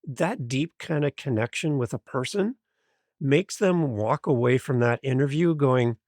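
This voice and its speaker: A man guesting on a podcast, an energetic and enthusiastic storyteller. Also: mid-range voice, measured pace, no room sound, studio quality. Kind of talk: interview storytelling.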